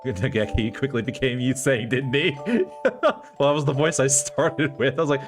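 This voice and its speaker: A man's voice: mid-range voice, normal speed, a bit bright, soft background music. A male streamer making joking, giggly asides while reading a visual novel aloud. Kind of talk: casual game commentary.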